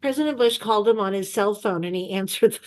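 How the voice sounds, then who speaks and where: Woman telling a lively anecdote. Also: mid-range voice, quick pace. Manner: animated storyteller who acts out quoted voices. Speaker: interview guest. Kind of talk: anecdotal storytelling. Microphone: video call.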